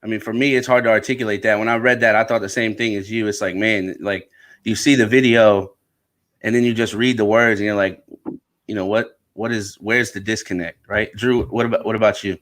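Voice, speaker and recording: A man's voice: lowish voice, steady tone, a little fast, a bit bright. Earnest man hosting a podcast. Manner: thoughtful, repeats "right?" often. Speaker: podcast host. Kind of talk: earnest discussion.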